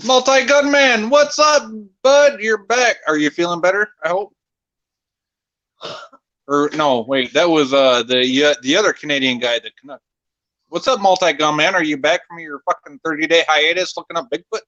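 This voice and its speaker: A man's voice: on the high side, normal speed, bright, forceful tone, dry recording. A man hosting a casual live stream, talking crudely and profanely with viewers and co-hosts over voice chat. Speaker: streamer host. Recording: slightly dull lo-fi voice chat.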